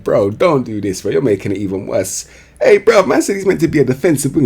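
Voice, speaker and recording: A man's voice: medium pitch, sing-song, brisk, gravelly, a little mellow, breathy edge. A young man, giving slangy, sarcastic commentary on a football management game. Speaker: gaming streamer.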